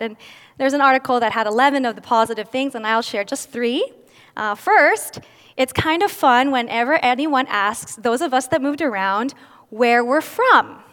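A woman's voice: high-pitched, fairly bright tone. A woman giving a candid personal testimony at a church service, with self-deprecating humor. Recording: long reverb of a large hall.

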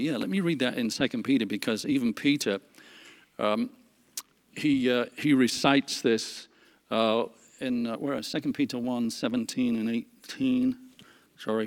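A man leading a Bible study, reading scripture aloud earnestly, with frequent fillers and restarts. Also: medium pitch. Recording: long hall reverb.

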